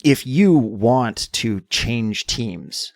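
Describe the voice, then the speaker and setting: A hoarse man co-hosting a podcast, explaining things in casual chat and getting animated at times. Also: medium pitch, drawn-out words, dry recording, studio quality. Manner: explanatory, gets animated and mock-indignant. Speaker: podcast co-host.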